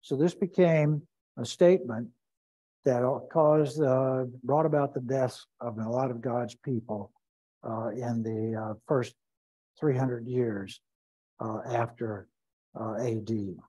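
A pastor leading a Bible study, speaking deliberately and repeating key phrases for emphasis. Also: male voice, mid-range voice, steady tone, warm tone, low-quality recording.

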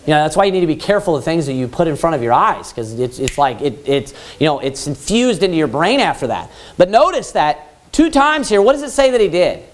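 A man preaching a Baptist sermon loudly and emphatically, repeating his points and rising to yelling. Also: a little high, sing-song, fairly quick. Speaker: pastor.

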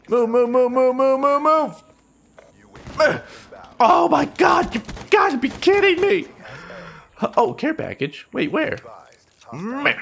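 A man giving jokey, self-mocking commentary over his own shooter gameplay, often shouting in surprise. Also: high-pitched. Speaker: gaming YouTuber.

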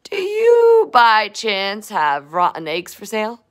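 A woman's voice: medium pitch, huge pitch swings, slow. A woman voicing a grumpy, scruffy male monster in a storybook read-aloud, speaking in a mock-polite way.

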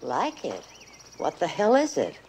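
An actress playing a blunt, sharp-tongued older mother-in-law with a tart, scornful way of talking, in a 1960s film comedy. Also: lowish voice, huge pitch swings, a little slow, heavily acted. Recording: old film soundtrack with hiss.

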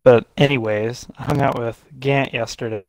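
A young man trades jokes and insults with friends over a game. His voice sits in an ordinary middle pitch, and he swears freely and trash-talks. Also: steady tone, normal speed, a little mellow, dry recording. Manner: trash-talking, swearing, joking. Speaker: gaming friend. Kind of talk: casual gaming chat.

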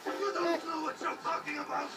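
An actress playing a hostile, defiant woman who shouts scornfully, from a game. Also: extremely high pitch, fairly even intonation, normal speed, distant mic. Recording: game audio from TV speakers heard from across the room, loud music.

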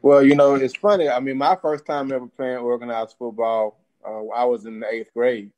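A male co-host chats easily with his guest. His questions ramble a little, in a laid-back way. His voice sits in an ordinary middle pitch. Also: normal speed. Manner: relaxed, loose questions with fillers. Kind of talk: casual interview chat.

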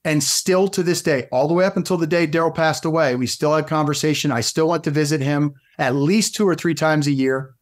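Animated, slightly high-voiced man telling stories. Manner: animated, fast storytelling with frequent restarts. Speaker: podcast guest, fitness coach. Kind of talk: casual storytelling interview.

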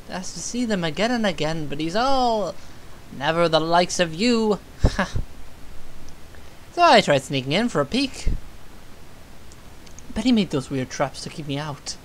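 Lady playing a flirty smug unicorn guy from a game, slow and singsong. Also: fairly low pitch, a little hiss or hum, low-quality recording. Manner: teasing, playful and smug. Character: cheeky flirtatious male unicorn. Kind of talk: reading game dialogue aloud.

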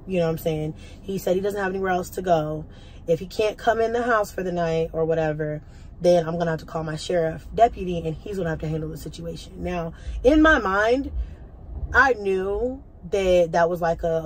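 Young woman vlogging, low-ish voice, swears a lot, rambles and restarts, faint hum behind. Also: steady tone, moderate pace, poor audio. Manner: blunt, profane, rambling retelling with restarts. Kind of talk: casual storytime vlog.

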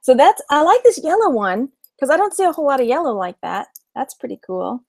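A woman's voice: sits high, sing-song, brisk, creaky, darkish tone, no room sound. Giggly chatty Texan woman, close dry mic. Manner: chatty, giggly, reads viewer comments aloud. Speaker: vlog host, reseller. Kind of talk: casual live-stream chat.

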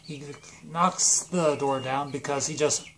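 A man spins a goofy tale in a casual, rambling way, full of fillers and the odd curse. His voice sits a little high, with faint noise behind it. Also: fairly even intonation, slow pace, a bit bright. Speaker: storyteller. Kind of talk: casual comedic storytelling.

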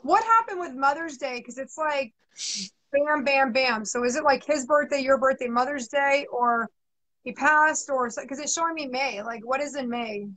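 A woman's voice: high voice, moderate pace, a bit bright, rough recording. A woman psychic medium giving a live reading, soothing and chatty, often repeating herself.

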